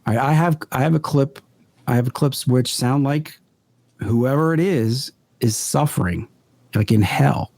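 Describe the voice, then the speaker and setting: A man guest on a podcast, a paranormal investigator, telling his experiences in an earnest, deliberate way. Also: mid-range voice, vocal fry, darkish tone. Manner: earnest, deliberate, builds stories step by step. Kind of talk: conversational storytelling in an interview.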